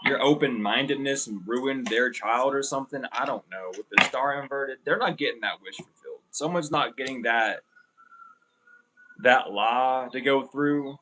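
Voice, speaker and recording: A man's voice: medium pitch, moderate pace, heavy background noise. Profane, rambling young man reading tarot. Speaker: tarot reader.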